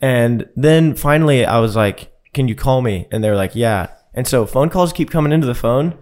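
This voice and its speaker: A man telling a rowdy story on a casual podcast, swearing freely and breaking into laughter. His voice sits at a mid pitch, and he pushes it up loud as the story builds. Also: normal speed. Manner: profane, animated, laughs often. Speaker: podcast co-host.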